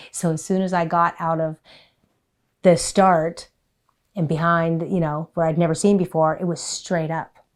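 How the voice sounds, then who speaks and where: A middle-aged woman telling a personal story in a documentary interview, earnest and self-deprecating, sometimes dropping to a hush and sometimes getting loud. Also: deep voice, little pitch movement, a little slow, long pauses.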